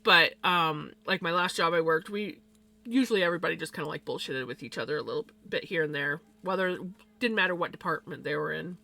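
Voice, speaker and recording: A woman's voice: low-pitched, fairly quick, vocal fry, pushed and bright. A woman live streamer telling a personal story to her viewers in casual chat. She talks bluntly and swears freely. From Canada.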